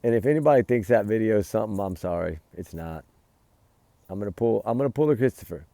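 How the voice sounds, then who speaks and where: A man's voice: fairly low pitch, lively intonation, fast talker, vocal fry, dark tone, no room sound. A man giving heated, emphatic casual commentary as a vlogger, recorded outdoors by a fire at night. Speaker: true-crime vlogger.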